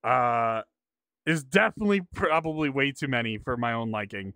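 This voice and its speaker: A man's voice: medium pitch, sing-song, moderate pace, pushed and bright, no room sound. A young man hosting a podcast, talking in an easygoing, slangy way that often trails off. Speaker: podcast host. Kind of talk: casual podcast conversation.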